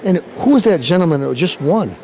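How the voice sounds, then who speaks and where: A man's voice: fairly high pitch, fairly quick, a faint crowd. A man hosting his show, hyping the event and interviewing people in a playful, hammy showman manner. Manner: animated, playful hype-man delivery. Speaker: show host.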